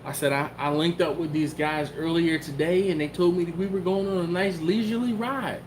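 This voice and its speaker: A man's voice: fairly high pitch, a little fast, slight background noise. A man from the Philadelphia area hosting a live stream, telling a story in casual talk and acting out the quotes. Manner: animated, acts out quotes and cat sounds. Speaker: YouTube host.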